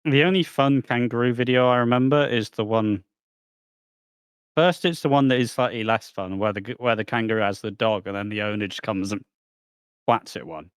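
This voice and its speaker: A man's voice: mid-range voice, fairly quick, clear, resonant tone, dry recording. A man co-hosting a casual podcast, blunt and sweary with dry jokes. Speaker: podcast co-host. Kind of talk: casual chat.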